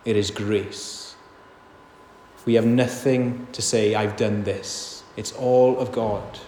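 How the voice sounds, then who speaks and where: A man's voice: lowish voice, steady tone, slow, mellow, slight background noise. A man preaching a sermon in a church, earnest and emphatic, often asking his listeners rhetorical questions. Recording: echoey hall reverb.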